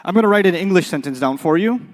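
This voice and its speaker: A man's voice: high-pitched, lively intonation, quick pace, big-room sound. A man teaching an Arabic class, quizzing the students with call-and-response questions and playful examples. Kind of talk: classroom lecture.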